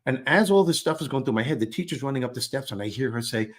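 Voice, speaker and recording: Animated man telling a funny childhood story. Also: medium pitch, fast talker. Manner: animated, self-deprecating, acts out quotes. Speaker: guest storyteller. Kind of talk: conversational storytelling.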